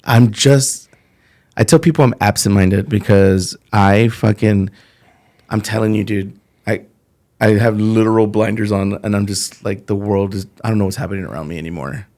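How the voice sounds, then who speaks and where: Gravelly middle-aged guy on a podcast, kinda low voice, cussing and rambling. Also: fairly even intonation, normal speed, a little mellow. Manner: blunt, profane, rambling storyteller. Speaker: podcast guest, comedian. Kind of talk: casual podcast chat.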